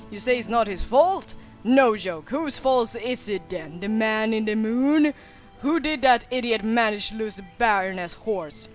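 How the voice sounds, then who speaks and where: A woman's voice: on the high side, a bit bright. A woman reading game dialogue aloud, voicing a hot-tempered young man who rants and blames his brother. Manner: exasperated, ranting.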